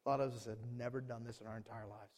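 A man preaching a sermon as pastor, animated, swinging between booming lines and hushed ones. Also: rapid-fire, big-room sound.

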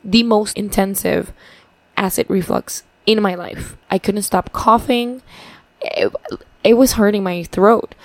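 A woman's voice: medium pitch, fairly even intonation, unhurried, dry recording. A young woman from Paraguay talking in a casual video diary, chatty and upbeat, swearing freely. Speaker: vlogger.

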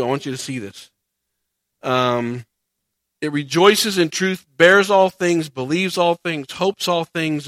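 High bright-voiced male preacher. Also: no room sound, studio quality. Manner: conversational preaching, rising to emphatic points, acts out quoted voices. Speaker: pastor. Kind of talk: sermon.

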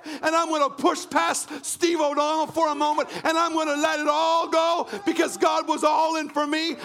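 A man from Canada preaching a fervent sermon, often shouting and repeating phrases in a church. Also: very high-pitched. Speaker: pastor.

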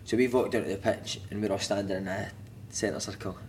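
A man's voice: fairly low pitch, steady tone, fairly quick, darkish tone, slight background noise. A Scottish man, a former footballer, telling stories in casual chat, swearing freely and laughing through them. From Scotland. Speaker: podcast guest, former footballer.

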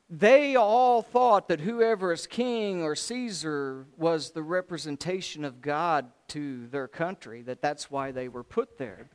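A man preaching a sermon, telling the story in a folksy, animated way with voiced asides. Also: fairly high pitch, clean tone.

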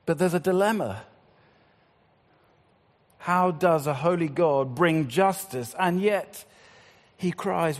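Man, preacher, sermon, highish voice, shifts from loud appeals to hushed slow lines, long reverb. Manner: rises and falls between loud appeals and hushed, slow passages.

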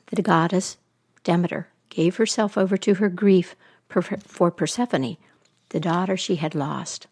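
A woman storyteller retelling a myth aloud with an expressive, animated delivery. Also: medium pitch.

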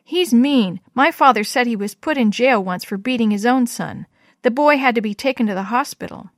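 A woman's voice: fairly high pitch, animated, normal speed, no echo, studio quality, lightly acted. A woman voicing a blunt, skeptical schoolboy in a read-aloud story.

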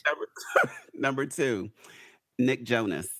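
This man hosts a podcast and talks slowly at a medium pitch, spinning stories in a relaxed chat and performing the voices of the people in them. The recording is dry and studio-clean.

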